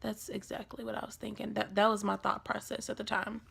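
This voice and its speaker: Young woman, storytime vlog, casual slang, bright voice, gravelly fry. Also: mid-range voice, fairly quick. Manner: animated, acts out quoted lines. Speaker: vlogger.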